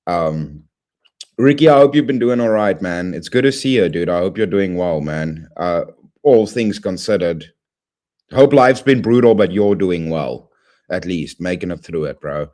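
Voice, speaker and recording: Deep-voiced excitable streamer man. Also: measured pace. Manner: excitable, loud shout-outs, rambling with slang. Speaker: livestream host. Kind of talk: casual livestream chat greeting viewers.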